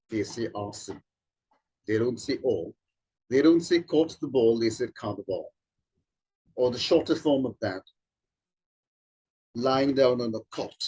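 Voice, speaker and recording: A man, a trainer, explaining slowly and demonstrating vowel sounds. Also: mid-range voice, darkish tone, breathy edge, low-quality recording. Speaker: accent trainer. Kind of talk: informal spoken explanation.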